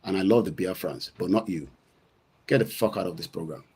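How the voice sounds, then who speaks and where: A man's voice: sits low, brisk, a little mellow, slightly rough. A middle-aged Nigerian man hosting his own online show, giving a heated, combative commentary. He scolds and repeats himself and greets viewers by name.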